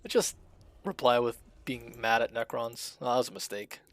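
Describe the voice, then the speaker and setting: A man chats through a live game stream in a flat, dry delivery, reading menu choices aloud as he goes. His voice sits in a middle pitch, and the recording is close and dry with no room sound. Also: moderate pace, no room sound. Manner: self-described monotone, dry delivery; chatty, reads game options aloud.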